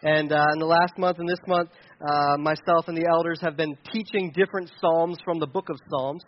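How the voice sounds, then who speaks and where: Pastor guy, kinda high voice, animated storytelling with lots of restarts, muffled sound. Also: fairly quick. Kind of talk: sermon with a personal story.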